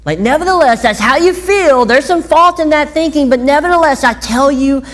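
A woman's voice: high voice, normal speed. A woman preacher giving a conversational sermon and often asking her listeners questions. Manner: animated, chatty, asks listeners questions.

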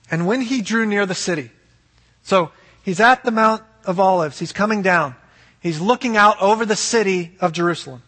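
A man's voice: high voice, fairly bright tone, slightly rough, long reverb tail. A man preaching a sermon as pastor, earnest and emphatic, asking rhetorical questions.

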